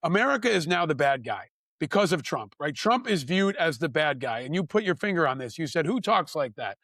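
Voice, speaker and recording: A man's voice: on the high side, very animated, brisk, a bit bright, no echo. Earnest male podcast host, dry sound. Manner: earnest, builds a long question with repeated phrases. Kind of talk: interview question.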